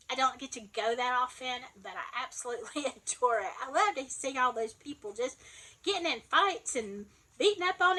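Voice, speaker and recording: A woman's voice: high voice, sharp tone, poor audio. A woman with a Southern Alabama accent, chatting casually to camera as a vlogger, wry and self-mocking. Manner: chatty, wry, laughs at herself.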